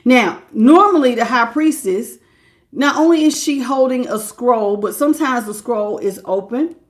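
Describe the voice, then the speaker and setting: A woman's voice: on the high side, animated, unhurried. Chatty woman giving a live tarot reading. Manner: conversational, thinking aloud, interrupts herself to welcome viewers by name; warm and familiar with viewers. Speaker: tarot reader hosting a live stream. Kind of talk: live tarot reading, greeting chat viewers.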